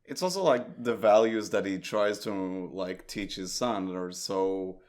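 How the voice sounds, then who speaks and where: A man co-hosting a podcast, chatting about anime in a playful, expressive way. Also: low-pitched, measured pace. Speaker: podcast co-host. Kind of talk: casual anime discussion chat.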